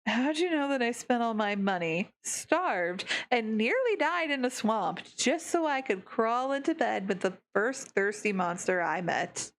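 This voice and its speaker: A woman's voice: a little high, animated, unhurried, few pauses. A woman voicing an impatient young female traveler, speaking bluntly as she reads a visual novel aloud.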